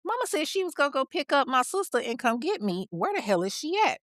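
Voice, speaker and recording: A woman voicing an anxious teenage girl waiting for her mother, in a higher quick voice. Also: big pitch swings, fairly bright tone, no room sound, clean studio sound. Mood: worried.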